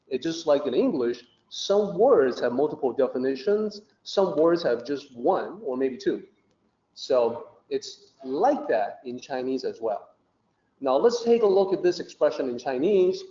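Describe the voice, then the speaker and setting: A man with a warm, mellow voice that sits a little high, talking a listener through ideas patiently and conversationally. The recording is muffled and echoes around the room. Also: big pitch swings, measured pace. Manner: patient, conversational, with many fillers. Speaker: teacher of Taoist philosophy. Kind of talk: explanatory podcast talk. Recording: muffled and roomy.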